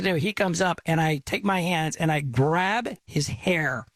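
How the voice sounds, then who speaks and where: A man's voice: fairly high pitch, lively intonation, moderate pace, dry recording. A middle-aged man from Texas, telling a rambling, self-deprecating story as host. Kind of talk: casual storytelling.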